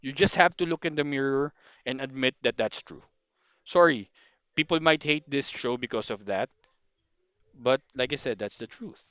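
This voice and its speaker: A man's voice: mid-range voice, normal speed, smooth, dry recording. Filipino man rambling on a thin, phone-like line. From Philippines. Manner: rambling, frequent restarts and apologies. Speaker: podcast host. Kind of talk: casual opinion monologue.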